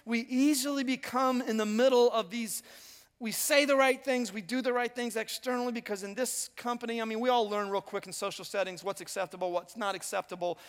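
High-voiced pastor preaching in a hall. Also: male voice, steady tone, a little fast. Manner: conversational storytelling with self-deprecating humor. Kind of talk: sermon. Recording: long hall reverb.

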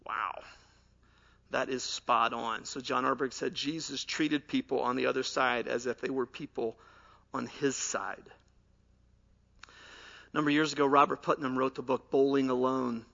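A man preaching a sermon as pastor, telling stories in an animated way and dropping to soft, earnest tones. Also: mid-range voice, normal speed, gravelly, muffled recording.

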